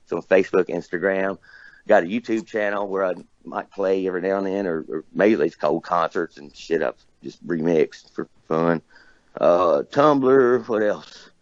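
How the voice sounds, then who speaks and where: Record store owner, lowish voice, rambling easygoing guest, dry dull lo-fi sound. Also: male voice, moderate pace, no echo. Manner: rambling, laid-back storyteller. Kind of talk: casual podcast chat.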